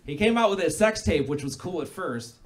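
A man doing a live stand-up set, deadpan with sudden loud bursts, telling dark jokes. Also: high-pitched, a little fast, very noisy. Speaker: stand-up comedian. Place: small hall before a live audience. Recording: live room with loud crowd laughter. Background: crowd laughter.

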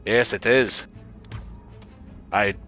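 A man's voice: lowish voice, fairly even intonation, very slow, fairly bright tone, soft background music. Chatty male gamer streaming live. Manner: chatty, reacts to chat, frequent restarts. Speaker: livestreamer. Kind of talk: casual gameplay livestream chat.

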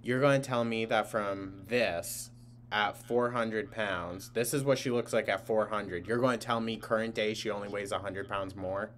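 A man's voice: fairly low pitch, fairly even intonation, normal speed, fairly bright tone, a little hiss or hum. A man hosting a live stream, giving blunt, mocking reaction commentary and swearing freely.

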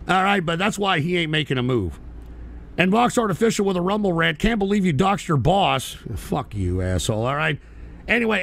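A man hosts a livestream in a profane, ranting style and often breaks into yelling. His voice is high and gravelly. His pitch swings widely, and he sounds close to a desk mic. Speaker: livestream host.

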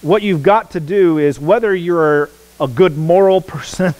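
A man's voice: fairly high pitch, a little slow, darkish tone, rough recording. A man preaching a sermon as pastor, emphatic, repeating words for stress and asking the congregation questions. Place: church sanctuary.

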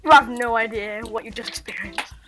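Over loud music, a woman with a slightly high, brisk voice chats through gameplay of a building game, rambling, giggling and correcting herself along the way. This gaming YouTuber records with a webcam and headphones at her computer, and the sound is rough.

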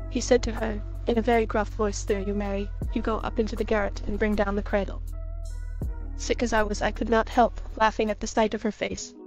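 A woman narrating a classic children's story in a steady, even reading. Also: mid-range voice. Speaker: audiobook reader. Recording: slightly muffled with faint music.

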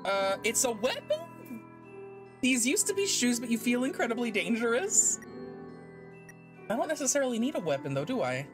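A woman's voice: a little high, sing-song, moderate pace, pauses often. A woman streamer playing a video game, chatting casually and reading game text aloud. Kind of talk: let's play commentary. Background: game music.

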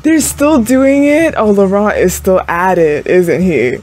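A woman's voice: mid-range voice, slow pace, a little mellow, faint music behind. A young woman hosting a reaction video, chatting casually to the screen with frequent exclamations and laughs. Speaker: anime reaction channel host.

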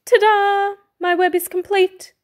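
A woman voicing a young boy fox who is boastful and quick to get frustrated, in a dramatic, exclaiming play voice for a picture-book read-aloud. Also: sits high, fairly bright tone. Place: school.

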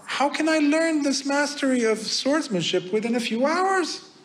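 A man's voice: a little high, very animated, measured pace, reverberant, low-quality recording. A man voicing a terrified male tea ceremony master who is facing a duel. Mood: panicked. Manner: anxious, pleading.

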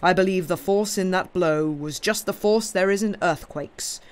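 A man reading aloud, voicing a huge brooding blacksmith who speaks in loud, grave declarations. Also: sits high, moderate pace, clean tone, natural voice. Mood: fervent. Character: huge brooding male blacksmith, grim and devout.

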